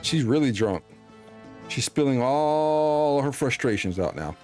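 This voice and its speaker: A man's voice: medium pitch, expressive, measured pace, a little mellow, soft background music. A man streaming a video game, commenting in a joking, playful, slangy way. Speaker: gaming streamer.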